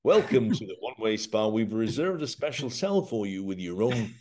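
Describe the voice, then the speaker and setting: A man's voice: on the low side, sing-song, moderate pace, darkish tone. A man putting on a sarcastic prison hotel receptionist. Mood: mock welcoming. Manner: sarcastic, mock welcoming. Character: mock-polite male prison hotel receptionist.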